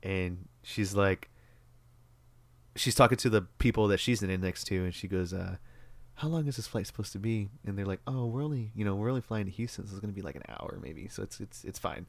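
A young man casually retelling a story, rambling and swearing freely, with lively bursts as he acts out the moment. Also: fairly low pitch, a little fast, creaky, no room sound.

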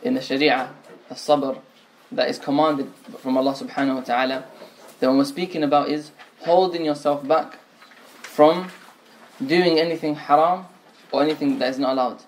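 A man's voice: a little high, steady tone, moderate pace, pauses often, darkish tone, slight background noise. A man teaching a religious lesson, explaining points step by step, often restating phrases and mixing in Arabic terms. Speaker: Islamic teacher.

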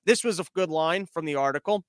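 Male podcast host, high voice, sarcastic and loud, slightly out of breath, dry sound. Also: brisk, clear, resonant tone, no room sound. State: out of breath from pacing and yelling. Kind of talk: live-streamed podcast rant.

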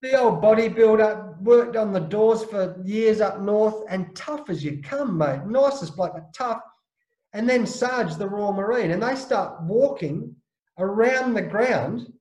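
A man from Australia, a former cricketer, telling a lively, emphatic anecdote as a podcast guest. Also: high-pitched. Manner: lively, emphatic storyteller, slangy. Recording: roomy echo.

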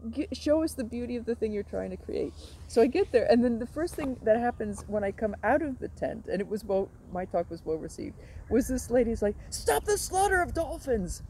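A woman guest in a casual conversation, telling stories with animated energy and frequent laughter. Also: a little high, fairly quick, a little hiss or hum, poor audio. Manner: laughs often, animated storytelling. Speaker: stand-up comedy teacher, guest.

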